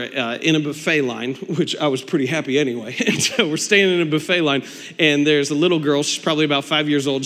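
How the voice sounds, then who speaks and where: Lively preacher man in a reverberant hall. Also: on the high side. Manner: conversational and animated, with laughs and acted-out asides. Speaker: pastor. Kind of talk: sermon.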